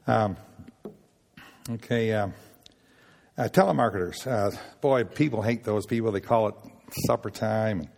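A man from Nova Scotia with a Nova Scotian accent, giving a folksy talk at a chapel, halting and full of restarts as he tells stories. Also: lowish voice, gravelly, darkish tone, long reverb tail. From Nova Scotia, Canada. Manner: homespun, halting, with many restarts and acted-out dialogue. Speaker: sailors' gospel worker speaking at a chapel.

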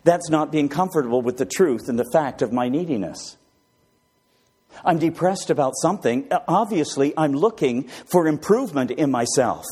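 A man preaches a sermon in a slightly rough voice on the high side, speaking at normal speed with few pauses. He is animated and puts rhetorical questions to the congregation.

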